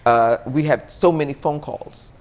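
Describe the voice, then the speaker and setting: An interview guest speaking thoughtfully, often pausing and restarting as they search for words. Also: mid-range voice. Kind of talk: reflective interview talk.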